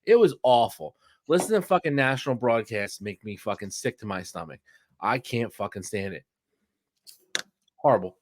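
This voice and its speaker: A man's voice: mid-range voice, lively intonation, normal speed, long pauses, slight background noise. A man, co-hosting a podcast and ranting heatedly about sports with plenty of profanity. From Philadelphia. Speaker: podcast co-host. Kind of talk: casual sports chat.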